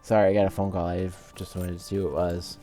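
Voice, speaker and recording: A man casually commenting on his own game play as a let's-play host, relaxed and rambling. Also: sits low, quick pace, faint music behind. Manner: relaxed, rambling, with many fillers. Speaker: gaming video host.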